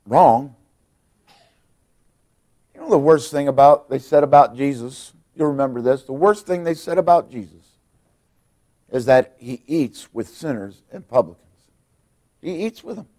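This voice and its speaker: A middle-aged male pastor preaching a sermon in a church, swinging between hushed, quiet passages and loud, emphatic ones. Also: medium pitch, lively intonation, unhurried, pauses often. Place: church sanctuary.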